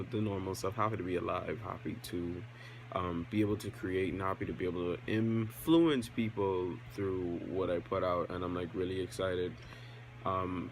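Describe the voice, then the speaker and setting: A man's voice: low-pitched, slight background noise, poor audio. A young man with a casual, rambling way of talking, vlogging to camera and filling gaps with many ums. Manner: relaxed, rambling, self-aware, with many fillers. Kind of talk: casual vlog talk to camera.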